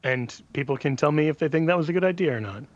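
Male radio guest, slightly higher and bright voice, wry jokey self-deprecating vibe, bit dull audio. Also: animated, fast talker, no echo. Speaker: guest author. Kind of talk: casual radio chat.

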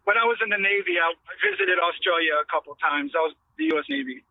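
A man's voice: sits high, very animated, gravelly, no room sound. Rambling male caller on a phone line. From New York. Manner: rambling, halting, full of fillers. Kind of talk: phone-in question.

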